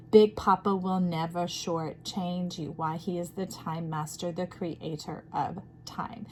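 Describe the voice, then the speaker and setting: A woman's voice: medium pitch, slight background noise. A woman giving an intuitive tarot reading, talking in a playful, rambling, spiritual way. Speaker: tarot reader.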